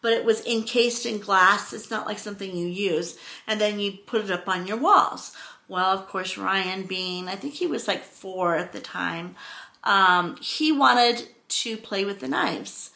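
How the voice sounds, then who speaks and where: A middle-aged woman vlogging, telling a personal story in a rambling, expressive way. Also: medium pitch, a little slow, vocal fry. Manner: rambling, expressive, acts out quotes with exclamations.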